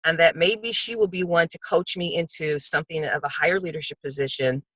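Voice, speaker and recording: An older woman speaks on a video call with a bright, forceful tone. The sound is dry and close. She tells her story in a heartfelt, animated way. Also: deep voice, brisk, dry recording, rough recording. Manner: heartfelt, animated storytelling, acts out quoted voices. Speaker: book club participant. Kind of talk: casual sharing on a video call.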